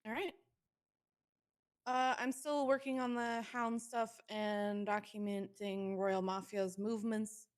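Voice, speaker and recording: Brief: woman, mid pitch, steady roleplay meeting chair. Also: slow pace. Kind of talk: casual roleplay chat.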